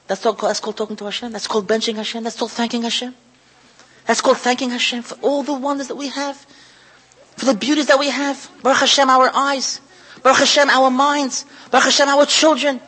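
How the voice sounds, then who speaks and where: A man delivers an emotional Torah talk, circling back over his phrases and sounding close to tears. His voice is high and husky. A long reverb trails behind him, as in a hall. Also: level tone, fairly quick, sharp tone. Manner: heartfelt, repetitive, moved close to tears. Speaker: lecturer running a kollel.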